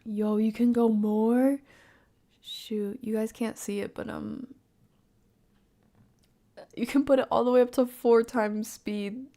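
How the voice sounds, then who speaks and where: A woman streaming a live reaction, often dropping into soft whispered asides and laughing between remarks. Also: on the high side, fairly even intonation, unhurried, pauses often.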